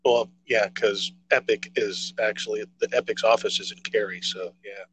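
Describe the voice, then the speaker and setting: A man's voice: fairly low pitch, fairly even intonation, normal speed, fairly bright tone, poor audio. A man co-hosting a casual podcast chat, rambling and hesitant with many fillers and restarts. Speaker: podcast co-host.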